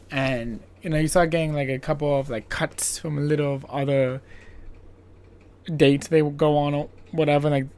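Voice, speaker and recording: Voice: medium pitch, a little mellow. A podcast host recapping an old film's plot in a casual, rambling way, full of filler words and playful sarcasm. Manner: playfully sarcastic, laughs at own jokes.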